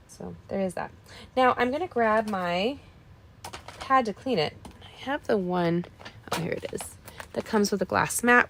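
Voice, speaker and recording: A woman's voice: mid-range voice, background noise. A middle-aged woman hosting a live card-making tutorial, chatting folksily with viewers as she works. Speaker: card-making livestream host. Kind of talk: casual crafting tutorial.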